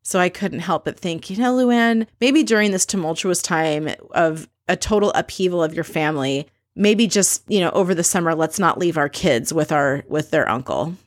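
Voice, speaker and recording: A woman's voice: lowish voice, normal speed, few pauses, no echo, clean studio sound. A woman casually recapping a reality TV episode in a chatty, gossipy manner. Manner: chatty, gossipy, acts out quotes.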